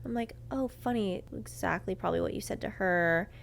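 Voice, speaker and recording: Speaking a little fast with vocal fry in a medium pitch, a female podcast host opens up about something personal. She swears without restraint and swings between hushed murmuring and loud bursts while performing her own reactions.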